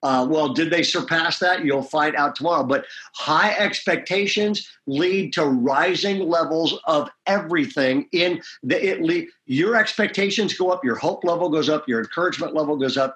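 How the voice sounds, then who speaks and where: A man's voice: fairly high pitch, normal speed, fairly bright tone. A man speaking as a pastor in a leadership interview, emphatic and often checking in with "okay?". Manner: emphatic, punctuates points with "okay?".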